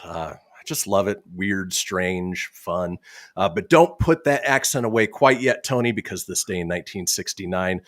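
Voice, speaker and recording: A man's voice: fairly low pitch, no echo. A man hosting a comedy radio show, reading history facts with wry asides on a studio microphone. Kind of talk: casual comedy radio banter.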